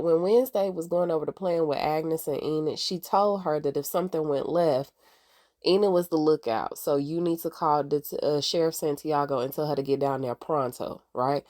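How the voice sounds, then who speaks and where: A woman hosting a casual TV recap, chatty and slangy, talking straight to her viewers. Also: deep voice. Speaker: TV recap host.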